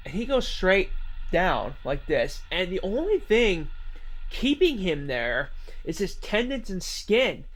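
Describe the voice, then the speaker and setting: Male storyteller, casual rambling delivery, lively pitch. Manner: rambling, filler-heavy retelling.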